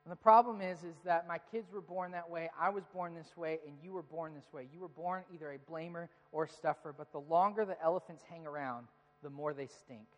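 A man in his thirties preaching a sermon, telling stories about his children and acting out their lines with animated voices. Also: on the high side, fairly quick, dull audio. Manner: storytelling, animated when quoting his kids. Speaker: pastor. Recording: long reverb of a large hall.

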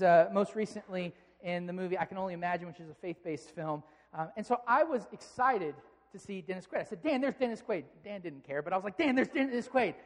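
A male pastor giving a sermon, telling a story with lively, animated delivery. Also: high-pitched. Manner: animated storytelling, shouting quoted outbursts. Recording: long hall reverb.

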